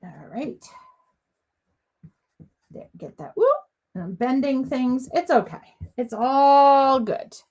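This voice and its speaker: A middle-aged woman leads a live crafting demo from her home craft room. Her voice sits a bit high and swoops all over as she chats on, bubbly and sniffly with a slight cough. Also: expressive, takes it slowly, pauses often, darkish tone. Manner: chatty, bubbly and talkative. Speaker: papercraft demonstrator.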